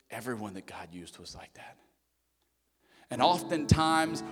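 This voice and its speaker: A man in his thirties preaches from the pulpit with a somewhat high voice, weaving stories and quoted dialogue into repeated, rising lines. His voice rings through a long church reverb, and soft instrumental music plays underneath. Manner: storytelling with acted quotes, building to emphatic repetition. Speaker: pastor. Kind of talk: sermon. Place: church sanctuary.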